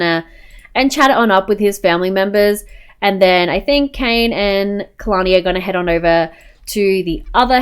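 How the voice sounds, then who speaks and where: A woman's voice: medium pitch, clear, resonant tone. A woman giving casual, chatty commentary while playing a life-sim game, often saying "go ahead and". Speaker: gameplay narrator.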